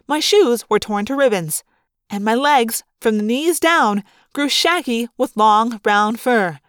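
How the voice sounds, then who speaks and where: A woman narrating a first-person story aloud as a fan audiobook reader, with a lively, expressive delivery. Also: high-pitched, dry recording, clean studio sound.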